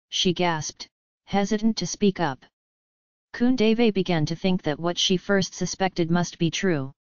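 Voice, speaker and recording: Smooth-voiced woman narrating a novel. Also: lowish voice, normal speed, dry recording, highs cut off. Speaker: audiobook narrator. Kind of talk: scripted audiobook narration.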